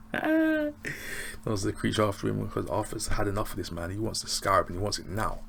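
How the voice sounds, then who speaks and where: A man's voice: fairly low pitch, big pitch swings, fairly quick, vocal fry, fairly bright tone. A man chatting casually as he reviews a TV episode, slangy and rambling with frequent chuckles. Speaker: TV review vlogger.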